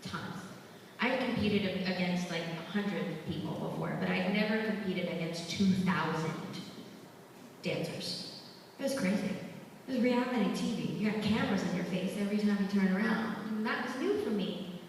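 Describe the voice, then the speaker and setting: A young woman giving a motivational talk to students at a school, telling her story in a lively, chatty way with asides to the crowd. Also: medium pitch, normal speed, slight background noise. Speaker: guest speaker at a school. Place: school hall. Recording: echoey hall from far off.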